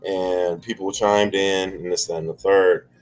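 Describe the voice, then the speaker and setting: A man hosting a casual livestream chat, rambling and halting, with many fillers and restarts. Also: low voice, steady tone, soft background music, poor audio. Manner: chuckles often between lines. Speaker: livestream host.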